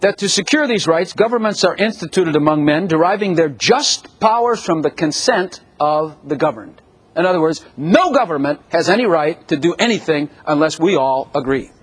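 An older man preaching a sermon, animated and storytelling, acting out scenes. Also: a little high, moderate pace, breathy edge.

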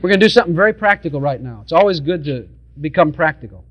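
A high-voiced man preaching a sermon. He is emphatic and direct with his congregation and hammers his points home through repetition. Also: lively intonation, fast talker, a bit bright, slightly rough.

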